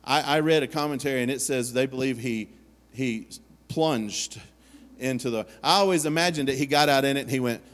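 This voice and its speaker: Pastor, mid-pitched male, earnest storyteller who acts out quotes, long church-hall reverb. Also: a little fast. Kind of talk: sermon. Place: church sanctuary.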